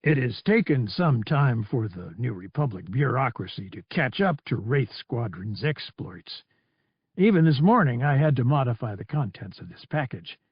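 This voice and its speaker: Admiral Akbar, a gravelly old alien admiral, as the narrator voices him. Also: male voice, mid-range voice, big pitch swings, no echo, muffled recording. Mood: formal. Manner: formal, measured speech. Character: gravelly elderly alien male admiral, formal and courteous.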